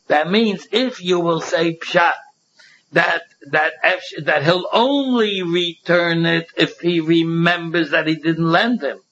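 A man's voice: on the high side, slow pace, fairly bright tone. A man giving a Talmud lesson in Yeshiva English, in a sing-song study-hall cadence that repeats and restarts phrases. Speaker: Talmud teacher. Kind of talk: Talmudic lecture mixing English with Hebrew and Yiddish terms. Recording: dull lo-fi recording.

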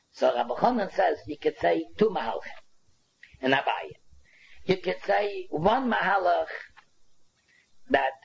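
Animated man teaching Talmud, high voice. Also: vocal fry, husky, muffled recording. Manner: animated explaining, Yiddish and Hebrew terms, many restarts. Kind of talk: Talmud lecture.

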